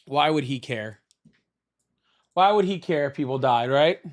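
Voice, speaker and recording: A man's voice: medium pitch, expressive. A man hosting a live political call-in stream, chatting casually and pressing callers hard. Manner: argumentative, quick to press callers.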